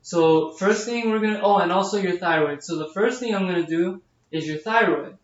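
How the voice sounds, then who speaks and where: A man's voice: high-pitched, normal speed. A man, a nursing student, talking through a head-to-toe physical exam step by step, with frequent fillers. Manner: explains each step aloud, with frequent fillers. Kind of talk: narrated physical exam demonstration. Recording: distant, echoey, dull camera audio.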